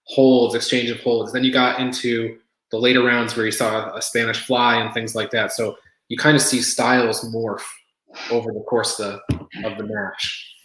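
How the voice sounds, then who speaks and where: A man's voice: mid-range voice, flat delivery, moderate pace, fairly bright tone, echoey room, poor audio. A man co-hosting a casual wrestling podcast, joking dryly and breaking down matches analytically. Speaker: podcast co-host.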